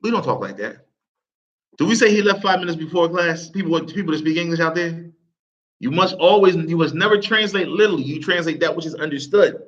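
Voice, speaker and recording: A man with a somewhat high voice runs a live Arabic class in a relaxed way. He repeats himself and keeps checking in with his students. The classroom recording sounds dull and lo-fi. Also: a little fast. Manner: casual, repeats phrases, asks the class questions. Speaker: Arabic teacher.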